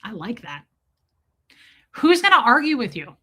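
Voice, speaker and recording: A woman hosting a casual live stream and chatting with viewers, animated and quick to laugh, swearing freely. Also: a little high, breathy edge. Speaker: live-stream host reading chat.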